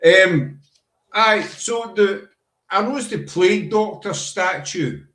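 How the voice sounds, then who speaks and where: A man's voice: high-pitched, slow pace, fairly bright tone, roomy sound. A Scottish man hosting a show, chatting casually and rambling a little. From Scotland. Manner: chatty, rambling, uses "aye" and "wee". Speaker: podcast host. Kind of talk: casual chat.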